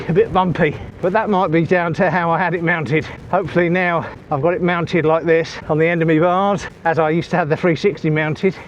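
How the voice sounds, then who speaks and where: A man's voice: high-pitched, lo-fi sound. A man talking casually to viewers while cycling outdoors, a bit out of breath, on a small clip-on mic. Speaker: cycling vlogger. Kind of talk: casual vlog talk while riding. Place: outdoors on a bike. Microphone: small wireless clip-on mic. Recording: faint outdoor noise.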